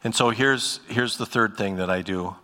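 A man's voice: lowish voice, normal speed, bright, forceful tone. A pastor giving a conversational sermon to his congregation, full of ums and restarts. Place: church sanctuary. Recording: long church reverb.

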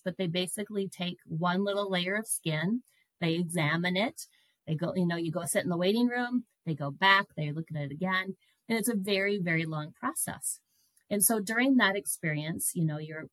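Middle-aged woman guest, animated personal storytelling, low-pitched voice, dry sound. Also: no echo, low-quality recording. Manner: animated, breaks into laughter.

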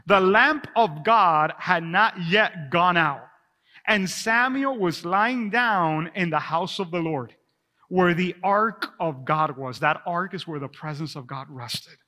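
A man preaching a sermon to his church, animated and reading scripture aloud. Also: high voice, takes it slowly, big-room sound. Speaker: pastor. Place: church sanctuary.

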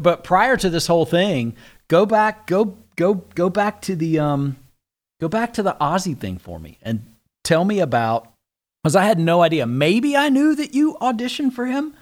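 Guy host asking eager questions, kinda higher voice, keeps repeating words. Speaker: interviewer host. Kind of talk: casual interview.

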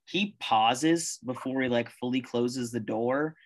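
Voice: medium pitch, slow pace. A game master narrating a tabletop game in a casual, rambling way, full of fillers.

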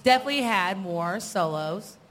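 A woman co-hosting a podcast, chatting casually, lively and quick to swear. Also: mid-range voice, a little hiss or hum. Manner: animated, swears freely. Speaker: podcast co-host. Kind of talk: casual banter.

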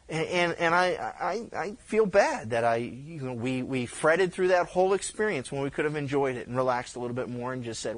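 With hardly any pauses, a middle-aged man preaches in a high voice at normal speed. His sermon is conversational and full of lively stories, broken by repeated restarts and stammers.

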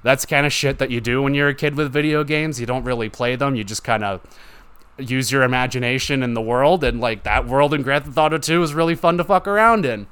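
A man's voice: medium pitch, a little fast, a bit bright, clean tone. A young man hosting a solo gaming podcast, rambling casually with lots of swearing and "like" fillers. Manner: rambling, profane, heavy use of "like". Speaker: podcast host.

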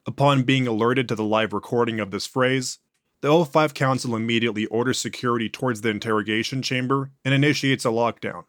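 A man's voice: medium pitch, a little fast, a bit bright, dry recording. Man narrating a horror report, dry sound.

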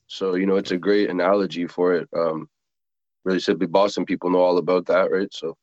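A man guesting on a stream, with a very deep voice. His audio comes through a dull, lo-fi line, close and dry. He talks haltingly, leaning on fillers as he goes. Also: flat delivery, a little mellow, no echo. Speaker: interview guest. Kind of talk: casual conversation.

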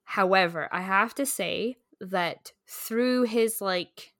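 A woman's voice: mid-range voice, slow pace, a bit bright, dry recording, clean studio sound. A woman co-hosting a book podcast, chatting casually with lots of "like" and "um" and reading romance passages aloud. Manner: chatty, lots of "like" and "um", reads prose smoothly.

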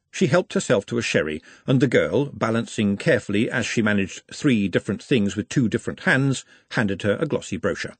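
Brief: male audiobook narrator, husky, lively intonation, dry close sound. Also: lowish voice, fairly quick, hardly any pauses, no echo. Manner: wry, animated reading.

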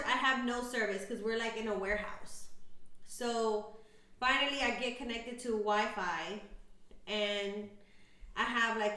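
A woman's voice: on the high side, pushed and bright, reverberant. A woman co-hosting a podcast, telling stories in casual, slangy chat full of ums. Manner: chatty storyteller, slangy, frequent ums. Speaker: podcast co-host.

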